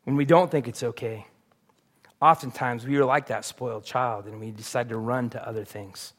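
A man's voice: mid-range voice, steady tone, normal speed. A man preaching a sermon as pastor, earnest and confessional, building to emphatic peaks.

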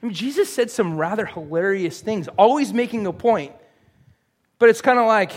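A man's voice: high voice, lively intonation, moderate pace. A man preaching a sermon in a conversational, joking way, full of rhetorical questions. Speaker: pastor.

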